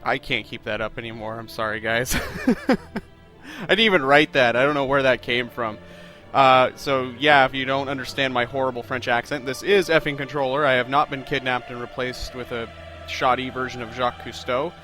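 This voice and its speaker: A man's voice: mid-range voice, steady tone, brisk, hardly any pauses, sharp tone. Chatty let's-play man over faint music. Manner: chatty, rambling and self-deprecating, with frequent fillers. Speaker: video game let's-play host. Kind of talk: casual gameplay commentary.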